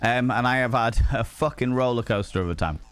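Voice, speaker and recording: A man's voice: mid-range voice, a little fast, fairly bright tone, clear, resonant tone, soft background music. A man streaming a game live, ill with a cold, chatting to viewers in a playful, sing-song, flamboyant way. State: sick with a cold.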